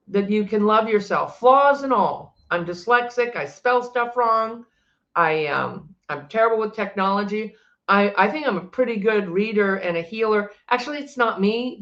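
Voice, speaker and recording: An older woman, a psychic and energy healer, talking in a loud, chatty, rambling way from her home office, often breaking off mid-sentence. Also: mid-range voice, lo-fi sound. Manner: chatty, rambling, self-interrupting; loud, emphatic. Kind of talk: casual unscripted monologue to camera.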